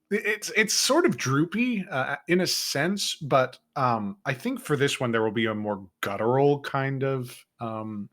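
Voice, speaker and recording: A man's voice: medium pitch, expressive, unhurried, hardly any pauses, a bit bright. A man co-hosting a casual chat about playing characters as a game master, talking in a rambling, thoughtful way. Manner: rambling, thoughtful, full of fillers and restarts.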